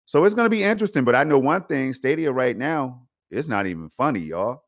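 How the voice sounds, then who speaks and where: A man's voice: medium pitch, fairly quick. Slangy man hyping cloud gaming. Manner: animated, slangy, addresses viewers as y'all. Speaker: co-host of a gaming livestream. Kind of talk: casual gaming talk.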